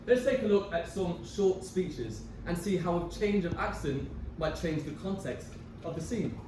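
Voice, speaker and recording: A man giving a scripted lecture performance, presenting clearly to an audience. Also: high-pitched, expressive, unhurried, background noise. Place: performance venue. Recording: echoey hall from far off.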